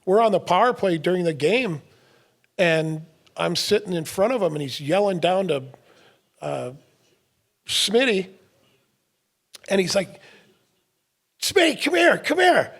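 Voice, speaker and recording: A middle-aged man with a notably high-pitched speaking voice hosts a relaxed podcast conversation. He tells stories with plenty of energy, laughs often and acts out other people's lines as he goes. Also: normal speed. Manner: animated storyteller, laughs often, acts out quotes. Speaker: podcast co-host. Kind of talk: casual chat.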